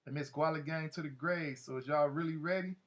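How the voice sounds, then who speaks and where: A man's voice: a little high, fairly quick, lightly acted. A man voicing a swaggering adult male gang leader who talks aggressively and curses in a storybook audiobook. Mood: menacing, scornful. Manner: aggressive, cursing, scolding.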